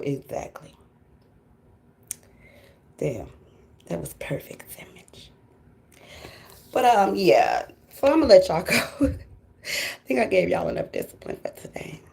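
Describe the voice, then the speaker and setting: A woman's voice: on the low side, creaky, darkish tone. A woman who hosts a tarot channel, talking to viewers in a blunt, profane casual monologue and laughing often. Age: adult with grown children. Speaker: tarot reader and channel host.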